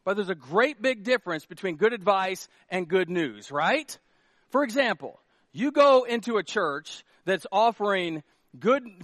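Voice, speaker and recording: Middle-aged male pastor, high voice, dry close sound, chatty sermon with punchy jokes and loud peaks. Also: no echo. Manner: joking, conversational preaching with rising emphatic peaks. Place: church sanctuary.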